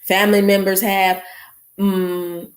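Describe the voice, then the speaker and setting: A female podcast host with a mid-range voice tells her listeners a story, speaking slowly in a room with noticeable echo. Her monologue is casual, blunt and animated, and she calls her audience "y'all."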